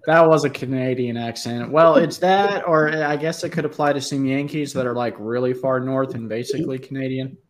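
A man's voice: mid-range voice, steady tone, moderate pace, few pauses. A man co-hosting a casual live stream, making teasing wisecracks at the others.

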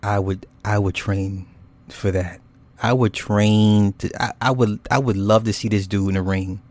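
This YouTube host has a lowish, steady, slightly mellow voice and an unhurried delivery. He runs a casual livestream, rambling and swearing loosely, laughing often as he reads viewer comments.

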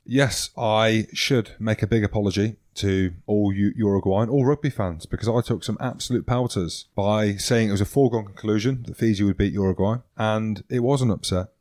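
A man's voice: lowish voice, normal speed, few pauses, darkish tone. A Scottish man co-hosting a rugby podcast, blunt, jokey and self-mocking in casual banter. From Scotland. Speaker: podcast co-host.

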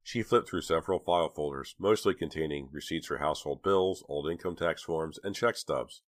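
Low male narrator, measured horror-thriller read, dry booth sound. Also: no room sound. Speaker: audiobook narrator. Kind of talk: scripted narration.

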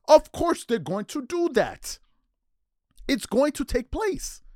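Fired-up man ranting, high animated voice. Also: slow, no room sound, clean studio sound. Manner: heated, incredulous, repetitive rhetorical questions. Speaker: sports commentary host. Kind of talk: animated sports rant.

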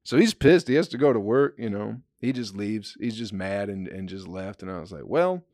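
A man's voice: lowish voice, brisk, a little mellow, no echo, studio quality. A young man casually telling a story, laid-back, swearing freely and laughing often.

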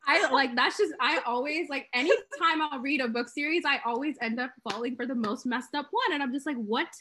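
Bright, high-voiced young woman gushing. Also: brisk, slight background noise. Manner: gushing, dramatic, quotes herself a lot. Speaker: podcast guest. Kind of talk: casual chat.

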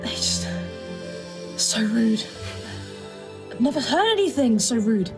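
A woman playing a tabletop game, lively and exclaiming. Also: fairly high pitch, takes it slowly, music in the background. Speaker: player. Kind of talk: casual chat in a tabletop game.

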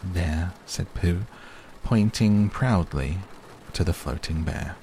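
Deep gravelly bedtime narrator, man. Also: warm tone. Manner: slow, soothing reading. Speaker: audiobook narrator. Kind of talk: calm bedtime storybook narration. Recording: faint rain noise behind.

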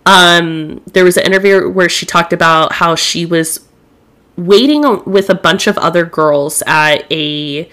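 A woman's voice: lowish voice, unhurried, fairly bright tone. A young woman hosting a podcast alone, chatting candidly and swearing freely. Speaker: podcast host. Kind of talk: casual solo podcast chat.

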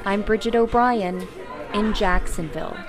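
A woman reporter narrates a scripted news story in a measured, even tone. Her pitch sits at a middle level. Music is clearly audible underneath her voice. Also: a loud crowd.

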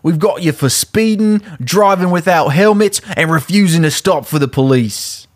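A man voicing a male British police officer in a put-on British accent that slips toward Scottish, higher and louder than his own voice. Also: moderate pace, no echo, clean studio sound, lightly acted. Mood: stern. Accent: British, drifting Scottish.

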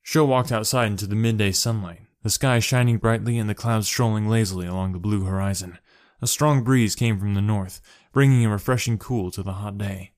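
A man reads a story aloud in a steady narrating voice, lower than most. The recording is dry and close, with no room around it. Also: fairly quick, no room sound. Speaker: story reader.

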